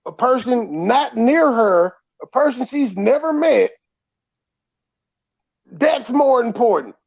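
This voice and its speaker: Gravelly man, sarcastic, on lo-fi audio. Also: very high-pitched, lively intonation, slow pace. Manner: sarcastic, mocking, swearing. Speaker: co-host. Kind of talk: heated casual commentary. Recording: dull lo-fi sound.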